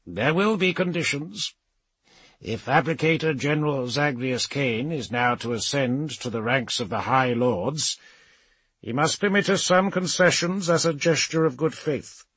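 A man's voice: mid-range voice, unhurried, fairly bright tone, husky, dry recording, voice pushed up, poor audio. A man voicing a hard, unbowed elder male regent in an audiobook, firm and commanding.

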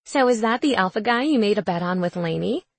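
A woman's voice: medium pitch, expressive, brisk, vocal fry, no room sound. A woman voicing a snide, gossipy young sorority woman with a mocking tone. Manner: mocking, snickering.

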